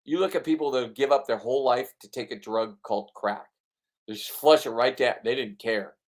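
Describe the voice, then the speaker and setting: A man's voice: medium pitch, a little fast. A man narrating his own fishing video in a casual voice-over, blunt, boastful and full of swearing. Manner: blunt, profane, ranting, boastful. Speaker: fishing vlogger.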